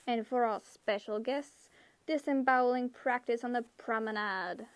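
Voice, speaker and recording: A woman's voice: a little high, a little slow, dry recording, lightly acted. A woman voicing an overly cheerful male ship announcer making upbeat announcements. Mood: chirpy. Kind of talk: audiobook character voice.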